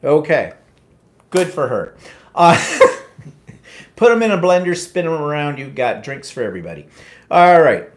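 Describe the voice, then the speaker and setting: A man's voice: a little high, big pitch swings, unhurried, pauses often. A man co-hosting a casual live chat show, teasing his co-host and steering the talk back on track. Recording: roomy echo.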